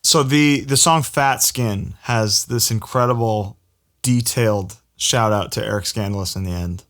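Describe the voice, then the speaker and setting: A man's voice: fairly low pitch, unhurried, a bit bright. Chatty man hosting a podcast. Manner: chatty, laughs often, enthusiastic. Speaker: podcast host. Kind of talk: casual interview chat.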